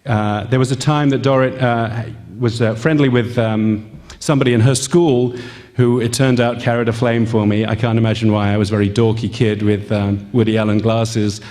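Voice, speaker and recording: A man tells a personal story to a live audience, halting often with ums and gently poking fun at himself. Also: fairly low pitch, fairly even intonation, soft background music. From England. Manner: halting, with frequent ums and gentle self-mocking humor. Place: event hall. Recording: long reverb in a hall.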